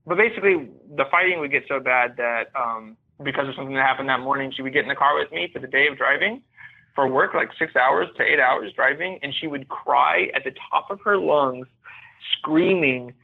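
This podcast guest has a husky, mid-range male voice with vocal fry. He recounts his personal story earnestly, candidly and reflectively, heard over a thin phone-like connection.

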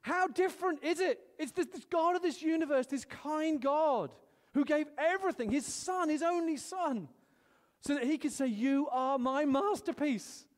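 A middle-aged man preaching a sermon, animated, swinging between loud exclamations and hushed storytelling. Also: very high-pitched, moderate pace, in a large hall.

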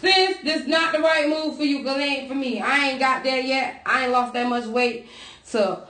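Woman podcast co-host, high voice, brash and profane, roomy echo. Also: normal speed. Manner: loud, profane, animated storytelling. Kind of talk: casual chat.

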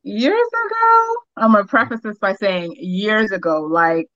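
A woman in her thirties from Boston, a real estate agent telling her story as a guest in a casual interview, candid and quick to laugh. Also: mid-range voice, a bit bright, no room sound, highs cut off. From Boston, United States.

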